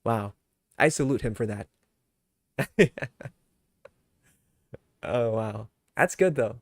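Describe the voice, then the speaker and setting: Male streamer, easygoing and rambling, filler-heavy casual chat, mid-pitched voice, dry sound. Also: animated, dry recording. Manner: laid-back, rambling, many fillers, quick to laugh.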